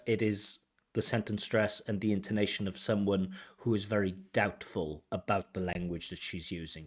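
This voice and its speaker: Middle-aged male examiner, lowish voice, analytical and explanatory. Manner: explanatory, breaks off to analyse replies. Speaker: IELTS examiner giving feedback. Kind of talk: recorded test commentary.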